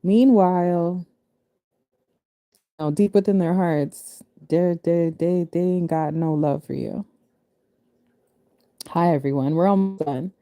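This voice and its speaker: Woman, casual scripture commentary, chatty asides, low pitch, dry close sound. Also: takes it slowly, long pauses, dark tone, no room sound. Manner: reads verses then explains them in loose chatty asides; laughs easily, restarts phrases. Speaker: spiritual reader.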